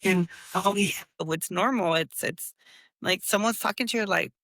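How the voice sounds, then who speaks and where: A woman's voice: medium pitch, moderate pace, fairly bright tone, no echo. A woman co-hosting a casual podcast, telling stories and mixing Spanish words into her English. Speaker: podcast co-host. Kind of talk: casual conversation and storytelling.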